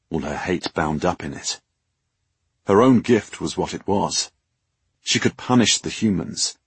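A man reading an audiobook novel in a measured, dramatic way. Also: low voice, husky, no echo. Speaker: audiobook narrator. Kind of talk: scripted narration.

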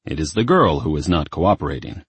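Man doing a smug growly devil, super deep, husky. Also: big pitch swings, fairly quick, no room sound, heavily acted. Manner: menacing, smug. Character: the devil, menacing, smug male demon king.

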